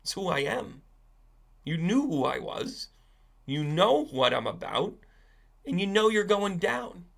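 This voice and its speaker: Man putting on a male scorpion, cocky, shameless, slangy, raised pitch, gravelly. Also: sing-song, a little slow, pauses often, heavily acted. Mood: smug. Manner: casual slangy drawl, shrugging.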